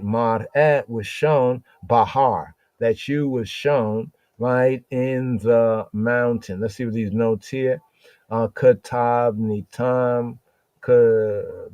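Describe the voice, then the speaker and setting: A man's voice: mid-range voice, dark tone, dry recording, dull audio. A man teaching a scripture study on a live stream, thinking aloud as he goes and checking in with "right?" again and again. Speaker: Bible teacher.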